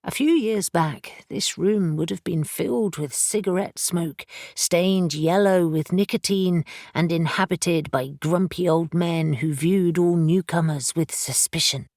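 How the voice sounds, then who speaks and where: A woman narrating an urban fantasy audiobook in a steady, measured way on a close studio mic. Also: on the low side, no room sound. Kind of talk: scripted narration.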